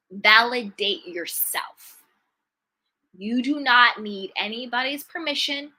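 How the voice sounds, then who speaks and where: A woman giving a motivational self-love talk as a coach, speaking emphatically and repeating key phrases, slowing down to stress them. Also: medium pitch, bright, forceful tone, poor audio.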